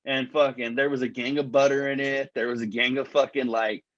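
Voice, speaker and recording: A man co-hosting a casual podcast, rambling through a story and swearing constantly. His voice sits at an ordinary middle pitch. The sound is dry and dull, with a lo-fi edge. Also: level tone, brisk, fairly bright tone, dry recording. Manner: profane, rambling storyteller, says "dog" a lot. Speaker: podcast co-host. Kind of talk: casual chat.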